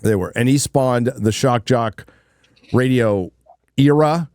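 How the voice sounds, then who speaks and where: A man's voice: medium pitch, takes it slowly, a little mellow, dry recording, clean studio sound. A man hosting a livestream, giving blunt, rambling commentary and swearing casually. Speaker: livestream host.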